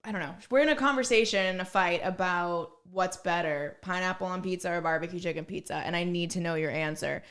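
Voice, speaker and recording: A woman's voice: fairly low pitch, a little fast, few pauses, a bit bright. A young woman, a comedian guest on a podcast, telling blunt, profane stories in casual chat with lots of filler words.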